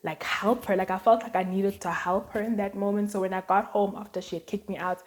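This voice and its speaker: A woman's voice: mid-range voice, steady tone, fairly quick. A woman vlogger chatting casually to her viewers, telling personal stories with lots of "like" and "um". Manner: chatty, storytelling, many fillers and "like". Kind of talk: casual chat to camera.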